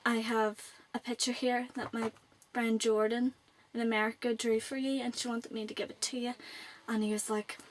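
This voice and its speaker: A woman's voice: fairly high pitch, flat delivery, moderate pace, few pauses. Chatty Northern Irish teenage girl. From Northern Ireland. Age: late teens. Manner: rambling and chatty. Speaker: vlogger. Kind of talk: casual chat to camera.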